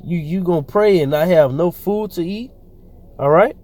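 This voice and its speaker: A man's voice: high-pitched, normal speed, a little mellow. A man teaching scripture, reading verses aloud and then commenting in loose, slangy asides with fillers and repeated words. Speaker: preacher.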